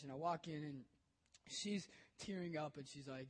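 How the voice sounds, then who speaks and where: Husky-voiced young male youth pastor. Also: a little high, moderate pace. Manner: bold, emotional, conversational storytelling. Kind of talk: sermon storytelling.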